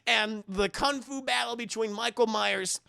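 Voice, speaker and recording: A young man streamer giving a profane, animated comedic movie recap to his chat, often laughing. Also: high-pitched, unhurried, vocal fry, smooth.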